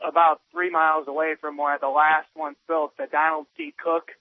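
A man's voice: a little high, flat delivery, normal speed, dry recording. Male caller on a tinny phone line. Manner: earnest, hesitant, loosely explaining. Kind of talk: call-in radio talk. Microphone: telephone.

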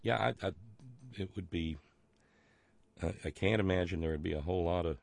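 Gravelly, rambling male talk show host. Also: low voice, a little fast, a little mellow, dry recording. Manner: rambling and sardonic, with many fillers. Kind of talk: live talk show, reading listener messages.

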